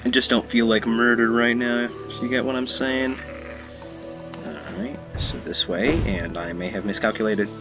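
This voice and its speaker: A man's voice: mid-range voice, normal speed. A man giving playful let's play commentary, joking and scolding his in-game companion. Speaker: gamer commentator. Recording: loud game music behind voice. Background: video game music.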